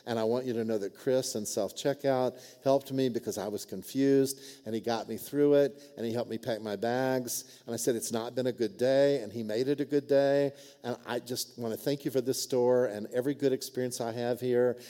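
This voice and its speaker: Pastor in a reverberant sanctuary. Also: male voice, mid-range voice, mellow. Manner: conversational, frequent "right?" and "amen?" asides. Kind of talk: sermon with storytelling. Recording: long church reverb.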